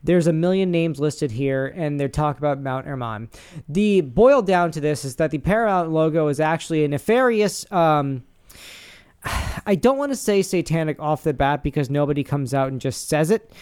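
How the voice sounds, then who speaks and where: A man's voice: on the high side, animated, normal speed, a little mellow, clear, resonant tone. A man co-hosting a casual podcast, rambling and swearing as he reads posts aloud with asides. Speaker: podcast co-host.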